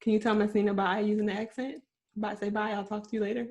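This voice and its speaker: A woman's voice: mid-range voice, flat delivery, fast talker, darkish tone, highs cut off. A woman hosting a podcast interview, chatty and rambling, laughing easily between remarks. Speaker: podcast host.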